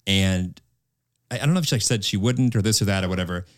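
A man's voice: lowish voice, fast talker, no room sound, clean studio sound. A young man co-hosting a podcast, telling a personal story candidly and emotionally with many restarts. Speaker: podcast co-host. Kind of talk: casual podcast chat.

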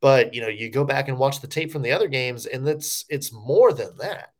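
A man co-hosts a casual sports podcast and talks through the games with a lively, joking manner. His pitch swings widely as he talks. He leans on fillers like "you know" while he works out his points. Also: moderate pace. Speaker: podcast co-host.

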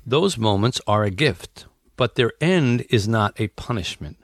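A man voicing a calm, gentle male God character, reading the lines slowly and solemnly. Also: medium pitch, no echo, studio quality, pitched below the performer's own voice.

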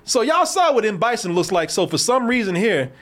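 A man with a high, bouncy voice hosts a loose movie review chat. He swears freely and breaks into laughter between rants. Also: brisk. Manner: profane, animated, laughs often. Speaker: podcast host.

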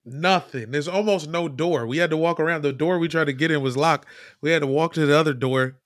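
A man telling a story in casual chat, animated, swearing and mimicking people. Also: fairly high pitch, quick pace, no echo, studio quality.

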